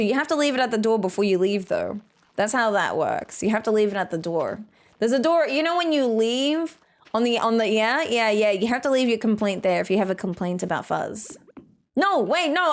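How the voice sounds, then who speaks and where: A woman casually chatting as a game streamer, playful and teasing and quick to laugh. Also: on the high side. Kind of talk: casual live-stream commentary.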